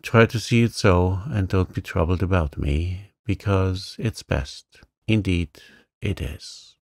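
A man voicing a gentle young woman facing illness, speaking softly, slowly and with resignation. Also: sits low, no room sound, studio quality, full character voice. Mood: resigned.

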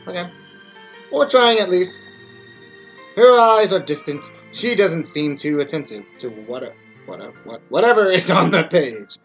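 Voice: medium pitch, muffled recording. A player reading a game's story aloud and reacting with swearing and laughs. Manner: swears a lot, laughs, animated asides. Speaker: game player.

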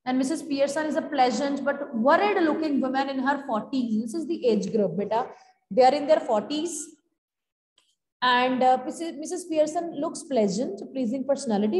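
A woman's voice: high-pitched, a little mellow. A woman with an Indian English accent explaining a play to students, mixing English with Hindi and calling them beta. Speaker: school English teacher. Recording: echoey room with long reverb.

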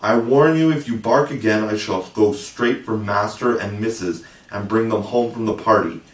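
Man voicing a scolding young housemaid in a storybook, low-set voice; echoey room. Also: moderate pace, natural voice. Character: stern, dense young maidservant. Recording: roomy, distant mic.

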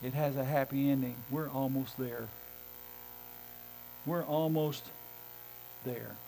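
A pastor preaching a sermon to his congregation in church. He talks with emphasis, moving between loud calls and hushed, low phrases. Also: fairly even intonation, slow, vocal fry, a little hiss or hum, low-quality recording. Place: church sanctuary.

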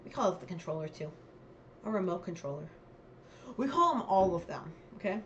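A young woman with a slightly low voice talks casually to camera, reading questions and thinking aloud. Her chat rambles and circles back to answers. A faint hum of background noise sits under the recording. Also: lively intonation, brisk, dull audio. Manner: chatty, thinking aloud, reads questions then muses. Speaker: vlogger. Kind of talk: casual quiz commentary.

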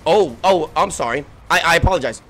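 A man giving frantic, profane gameplay commentary, yelling, laughing and trash-talking while he plays, his voice giving out. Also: on the high side, expressive, brisk, a little hiss or hum. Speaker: gaming streamer.

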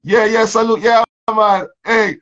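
A man's voice: high voice, unhurried, a bit bright. A man hosting a casual interview, rambling and laid-back with lots of fillers. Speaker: host. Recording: dull lo-fi sound.

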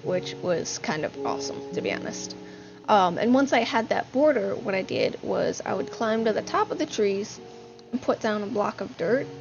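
A woman's voice: mid-range voice, vocal fry. A woman narrating her gaming session in a chatty, upbeat way, with fillers and a slightly breathless voice. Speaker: gaming channel host. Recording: dull lo-fi sound with music behind. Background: music.

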